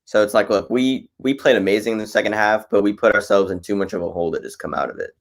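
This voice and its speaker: A fan guest on a basketball live stream, a man with a fairly low voice. He talks fast and loose, worked up, filling his lines with "bro" and "like." It is an easygoing chat between friends. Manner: excitable, says "bro" and "like" a lot.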